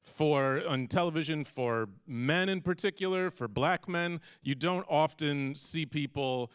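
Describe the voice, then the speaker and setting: A man moderating a stage panel, asking relaxed questions with frequent "uh" pauses. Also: a little high, smooth. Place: auditorium stage.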